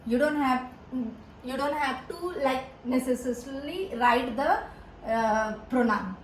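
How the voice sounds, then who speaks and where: High-pitched lady teaching grammar real slow, hindi first language, repeats stuff, bit of room echo. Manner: repeats each word several times, many fillers and restarts. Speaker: Spanish tutor. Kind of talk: slow, repetitive grammar lesson. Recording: echoey room with faint background noise.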